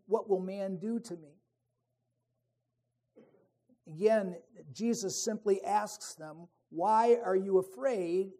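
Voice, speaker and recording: A man's voice: high-pitched, warm tone. A man preaching a sermon in a conversational way, often restarting phrases and reading scripture aloud. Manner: conversational, with many restarts and asides.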